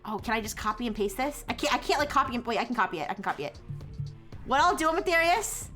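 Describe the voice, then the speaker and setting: High bright woman streamer rambling to chat, keeps restarting sentences, faint music under her. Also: expressive, fast talker. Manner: rambling, self-interrupting, laughs often. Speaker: livestream host. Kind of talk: casual live-stream chat.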